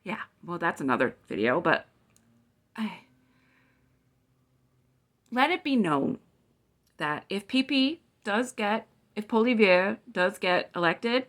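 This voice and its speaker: A woman in her forties vents straight to camera in a fiery, profane rant. Her voice sits at a middling pitch, and she speaks bluntly and with open indignation. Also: expressive, a little slow, pauses often, a bit bright. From Canada. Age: 40s. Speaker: vlogger. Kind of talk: heated political rant to camera.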